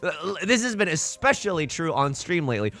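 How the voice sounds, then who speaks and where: A young man giving casual, self-mocking commentary over a mahjong game, jokey and animated. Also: on the high side, a little fast, faint music behind. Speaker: mahjong streamer. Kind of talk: casual let's-play commentary.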